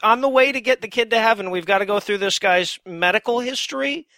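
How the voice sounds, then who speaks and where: Bright-voiced man with deadpan quips. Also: sits high, brisk, no echo. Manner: dry, deadpan wisecracks. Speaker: podcast co-host. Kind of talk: casual comedic movie review chat.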